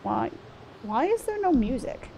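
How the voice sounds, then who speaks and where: A woman's voice: a little high, sing-song, measured pace, vocal fry, dark tone, slight background noise. A woman streaming a game, chatting casually and swearing at the monsters she fights. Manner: chatty, profane, talks to the game's monsters. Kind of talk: casual gameplay commentary. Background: game music.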